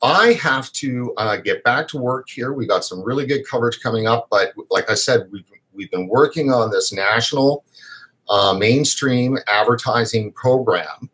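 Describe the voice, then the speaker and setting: A man's voice: mid-range voice, moderate pace, a bit bright, slightly rough. A man hosting his own vaping news show, talking casually and emphatically on a live stream, rambling with fillers and restarts.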